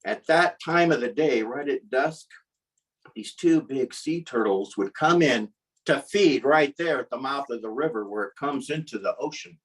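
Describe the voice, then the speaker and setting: A man's voice: mid-range voice, expressive, moderate pace, recorded from a distance, low-quality recording. A man telling a comic personal story at a live storytelling event, wry and self-mocking.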